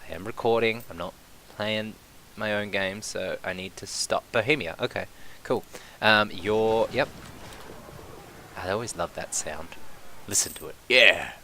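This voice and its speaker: A man's voice: lowish voice, unhurried, bright, forceful tone, slight background noise. A man commentating his own strategy game, thinking aloud, swearing casually and bursting into cheers when things go his way. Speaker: gameplay commentator. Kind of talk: casual let's-play commentary.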